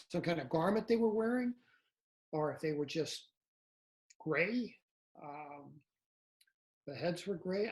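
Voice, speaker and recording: An older man, a podcast guest, recounting a personal experience in a measured, halting way with many uh and um fillers. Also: fairly high pitch, rough recording. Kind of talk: first-person storytelling in an interview.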